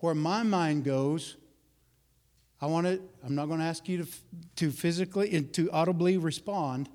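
A man preaching a sermon, swinging between loud emphatic rises and quiet, low passages. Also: normal speed. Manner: preaching with dramatic rises and soft drops. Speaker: pastor. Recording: long hall reverb.

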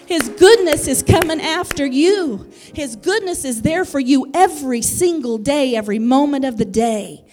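A woman's voice: high voice, animated, moderate pace, hardly any pauses, darkish tone. A woman preaching a sermon with fervent, building emphasis.

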